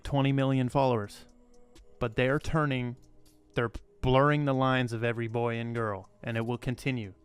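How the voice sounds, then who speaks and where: A man's voice: medium pitch, smooth. A man hosting a crypto channel, talking casually and emphatically, rambling and repeating himself, blunt and swearing freely. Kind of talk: casual commentary to camera.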